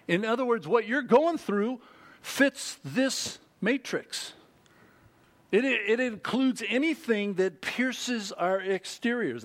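Lively, slow-preaching pastor man. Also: high-pitched. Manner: animated, asks the congregation many rhetorical questions. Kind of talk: sermon.

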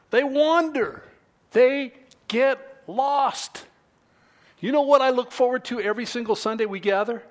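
A middle-aged male pastor preaching a sermon, deliberate and measured, dropping to near-whispers and then rising to emphatic peaks. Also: sits high. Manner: slow, deliberate preaching that swings from quiet to emphatic.

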